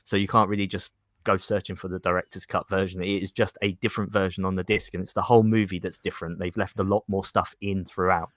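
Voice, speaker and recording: A man's voice: low-pitched, fast, hardly any pauses, no echo, clean studio sound. A man on a video call, chatting eagerly on a geek news panel. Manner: excitable, enthusiastic, restarts often. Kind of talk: casual chat.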